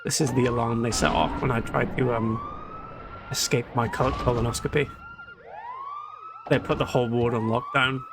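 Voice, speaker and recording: A man's voice: medium pitch, noisy background. A man chatting and joking while streaming a video game, reading its text aloud. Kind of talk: casual live-stream gameplay chat. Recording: game music and siren alarm behind.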